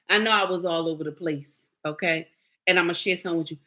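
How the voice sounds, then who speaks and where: A middle-aged woman content creator scolds and lectures her viewers in a blunt, preachy livestream rant. Her voice sits lowish and sounds sharp, and she talks quickly.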